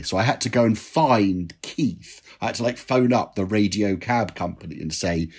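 A man from England, a writer being interviewed, telling stories in an animated, self-deprecating way with lots of "you know". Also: sits low, fairly quick, husky. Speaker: guest, drinks writer. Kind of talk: conversational interview answers.

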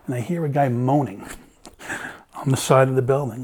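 A man's voice: mid-range voice, fairly even intonation, moderate pace, pauses often, a little mellow, slightly rough. A middle-aged man, a former police officer, telling a story in casual conversation, acting out the dialogue and swearing freely.

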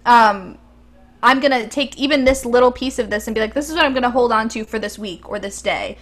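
A woman's voice: fairly high pitch, brisk, a bit bright. A young woman co-hosting a podcast, chatting casually and enthusiastically with frequent ums. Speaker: podcast co-host. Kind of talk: casual chat.

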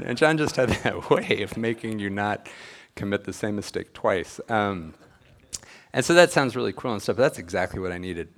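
Deep-voiced man telling his story. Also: animated, fast talker, fairly bright tone. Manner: earnest storytelling, acts out quoted dialogue. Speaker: speaker at a church gathering. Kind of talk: personal testimony talk.

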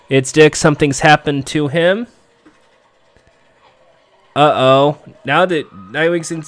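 A man talks through a TV episode in a casual, offhand play-by-play, sarcastic and quick to swear. His voice sits a little high and sounds smooth, and he takes his time. The recording is dry and close. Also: no echo. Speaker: TV episode recapper. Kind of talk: casual play-by-play recap commentary.

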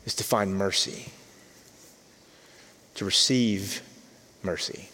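Male pastor, sermon, earnest, softer emphasis, long church reverb. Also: sits low, slow. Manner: earnest, repeats words, drops to soft emphasis. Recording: long reverb of a large hall.

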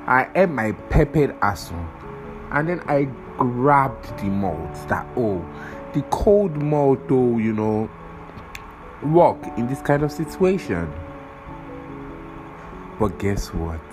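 A man's voice: mid-range voice, sing-song, slow pace, long pauses, faint music behind, poor audio. A young man hosting a podcast, rambling casually, swearing often and losing his train of thought while he has a cold. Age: young adult. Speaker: podcast host.

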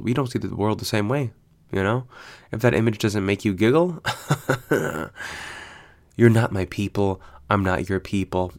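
A man telling stories in a casual solo chat, animated and profane, laughing often. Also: fairly low pitch. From United States.

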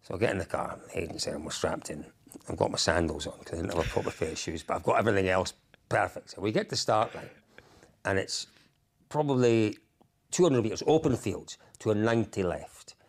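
A man's voice: low voice, brisk, creaky, breathy edge. A man telling a wild story as a podcast guest, laughing often and swearing freely.

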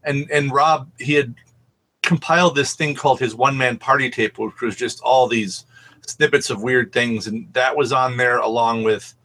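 A man's voice: medium pitch, steady tone, moderate pace, a bit bright. A man co-hosting a podcast, telling rambling anecdotes in casual chat and swearing freely. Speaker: podcast co-host.

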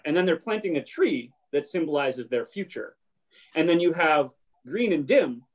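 A man hosting a casual chat and retelling a show scene, briefly acting out the characters' lines. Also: on the high side. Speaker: podcast host.

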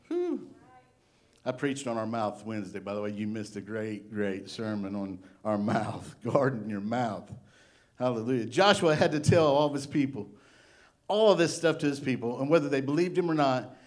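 A middle-aged male pastor giving a sermon, animated and playful, acting out little voices as he preaches. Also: fairly high pitch.

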